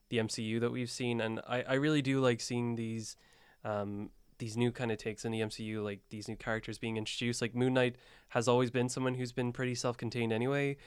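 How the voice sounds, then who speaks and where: A man chatting casually as a podcast co-host, relaxed and often laughing, with hesitant restarts. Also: medium pitch, clear, resonant tone, no room sound, clean studio sound. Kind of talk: casual chat.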